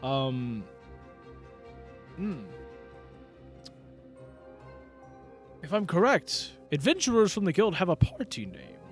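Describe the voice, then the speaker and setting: A man's voice: a little high, big pitch swings, measured pace, soft background music. A man voicing a genial, chatty bearded king who speaks in a stately way. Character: genial bearded middle-aged male king.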